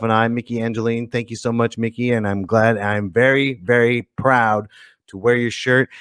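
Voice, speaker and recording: Lively, joking male podcast host. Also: mid-range voice, no echo, clean studio sound. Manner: playful, jokey, animated. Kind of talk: casual livestream podcast chat.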